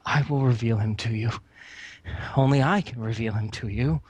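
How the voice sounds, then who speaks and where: A man voicing a frantic male cultist in a tabletop game, zealous, swinging from hushed pleading to ecstatic cries. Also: medium pitch, moderate pace, husky, dry recording, voice pushed down, lightly acted.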